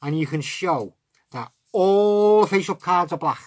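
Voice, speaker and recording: A man's voice: high voice, animated, unhurried, darkish tone. A middle-aged man with a chatty manner, explaining a card trick step by step and talking to himself as he handles the cards. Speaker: magic tutorial host.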